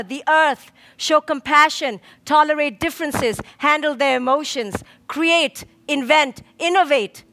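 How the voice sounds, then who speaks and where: A woman clinical psychologist giving an inspirational talk, slow and emphatic, with rhythmic lists and dramatic pauses. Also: sits high, fairly bright tone.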